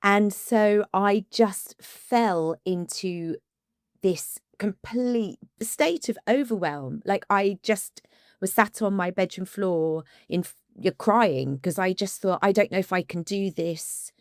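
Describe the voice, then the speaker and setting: A woman, an ADHD coach co-hosting a podcast, talking casually and with emotion, often halting and restarting. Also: medium pitch, no room sound, studio quality.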